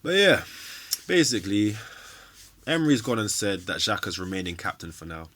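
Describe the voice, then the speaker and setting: A man's voice: fairly low pitch, sing-song, brisk, a bit bright. A young man, ranting casually and bluntly about his football team as a fan streamer, swearing freely.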